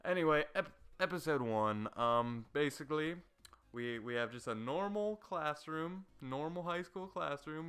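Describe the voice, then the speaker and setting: Young guy ranting about an anime, bright crisp voice, swears a bunch, faint music behind. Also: medium pitch. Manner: excitable, swears a lot, many fillers and restarts. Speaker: anime reviewer. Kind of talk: casual rambling review.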